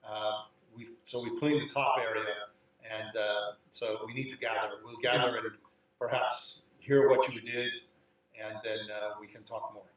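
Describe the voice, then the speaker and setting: A man voicing a harried family head who speaks in a brisk, worried and commanding way. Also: mid-range voice, level tone, far from the mic, close to an everyday voice. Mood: earnest. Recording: echoey, off-mic.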